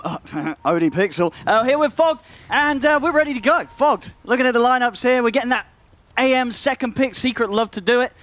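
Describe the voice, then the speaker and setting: A man's voice: extremely high pitch, fairly bright tone, pitched below the performer's own voice. A male esports caster putting on a jokey impression of a fellow caster, with hammy slang and self-mocking hesitations.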